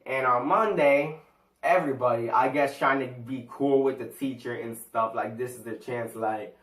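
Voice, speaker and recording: A man's voice: medium pitch, moderate pace, a bit bright, reverberant, distant mic. A teenage guy telling a school story in a casual storytime vlog, rambling, slangy and full of fillers. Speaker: vlogger.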